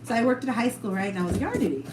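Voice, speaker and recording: A woman tells stories in casual podcast chat, acting out the voices of the people involved and swearing freely. Her voice is on the high side, animated and racing, in a roomy space with background noise.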